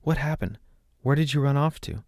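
A man's voice: mid-range voice, moderate pace, darkish tone, no room sound, studio quality, voice pushed up, close to an everyday voice. A man reading the part of a timid young maidservant who pleads anxiously in a storybook. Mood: worried.

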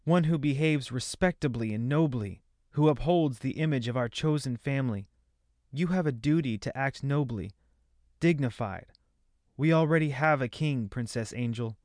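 A man's voice: mid-range voice, moderate pace, a little mellow, dry recording, clean studio sound, voice pushed up, natural voice. A man voicing a stern, proud queen mother who speaks in a commanding tone. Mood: lecturing.

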